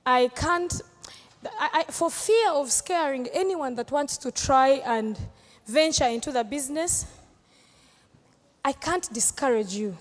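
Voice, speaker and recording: A woman's voice: sits high, long reverb tail. A woman comedian from Uganda, answering audience questions live in a playful, teasing way. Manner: playful, teasing, laughs often.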